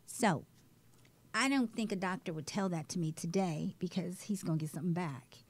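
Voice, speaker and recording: Guest, woman, survivor testimony, candid and animated, swings from loud to hushed. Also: on the low side, normal speed. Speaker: guest, breast cancer survivor. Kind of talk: emotional personal testimony.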